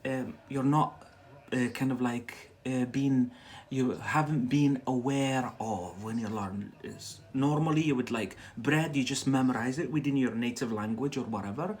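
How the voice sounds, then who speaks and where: A man's voice: medium pitch, unhurried, darkish tone, breathy edge. A man from Algeria, not a native English speaker, giving a chatty live-stream English lesson and answering viewers' questions with many fillers. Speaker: English teacher.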